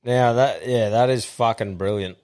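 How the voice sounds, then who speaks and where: A man's voice: mid-range voice, steady tone, normal speed, a little mellow. A man with an Australian accent co-hosting a casual podcast, blunt and full of swearing. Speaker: podcast co-host. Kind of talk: casual chat.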